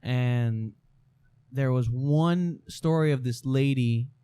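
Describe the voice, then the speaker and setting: A man's voice: mid-range voice, takes it slowly, dark tone, smooth. A man hosting a podcast, telling a spooky story in a casual chat, swearing and restarting his sentences. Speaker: podcast host.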